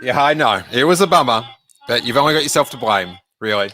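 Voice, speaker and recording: A podcast host reading a children's book aloud, jokey and animated, breaking in to do character voices and make asides. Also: male voice, mid-range voice, fairly quick. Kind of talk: casual read-aloud with commentary.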